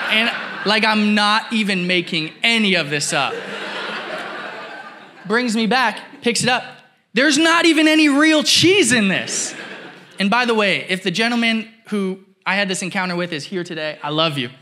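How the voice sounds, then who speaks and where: A man preaching a sermon as pastor, telling a story in a lively way and acting out the people in it. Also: high-pitched, normal speed. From Canada. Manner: animated, acts out quotes, laughs while telling.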